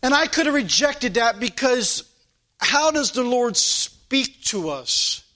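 High-voiced earnest male preacher. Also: big pitch swings, slow pace, bright, forceful tone. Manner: earnest, preaches through a personal anecdote with rhetorical questions. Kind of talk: sermon.

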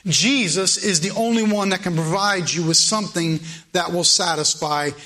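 A man's voice: sits high, normal speed, bright, forceful tone. A male preacher delivering a morning sermon, emphatic and repeating phrases for weight.

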